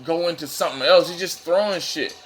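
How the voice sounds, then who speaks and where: A man giving casual, profane reaction commentary while rewatching a fight, laid-back and quick to laugh. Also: a little high.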